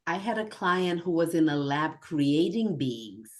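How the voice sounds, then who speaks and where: A woman with a very low voice makes calm, measured remarks in a casual group chat. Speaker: hypnotherapy practitioner.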